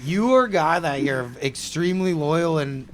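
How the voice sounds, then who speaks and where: Chatty, emphatic podcast host, slightly high voice. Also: male voice, lively intonation, moderate pace. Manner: emphatic, chatty, backs his guest up. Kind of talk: casual podcast interview.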